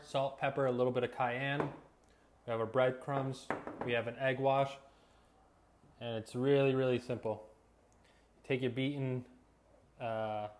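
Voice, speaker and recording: A man hosting a casual cooking vlog, telling relaxed, joking stories as he cooks and eats in his home kitchen. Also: medium pitch. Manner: relaxed storytelling with jokes. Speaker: cooking vlogger.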